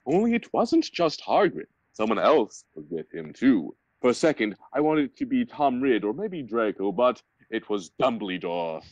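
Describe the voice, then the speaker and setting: A young man reading a bad fan story aloud for laughs, sarcastic and animated, over a voice call. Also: mid-range voice, normal speed, few pauses, dry recording, highs cut off. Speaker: reader in a group reading. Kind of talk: mock-dramatic comedic reading aloud.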